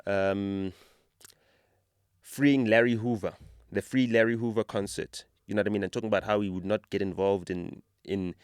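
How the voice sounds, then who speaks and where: A podcast host with a South African accent talks with conviction in a casual conversation, his impassioned stories building in animation. His voice is lowish and his speed normal, with a clean, echo-free studio sound.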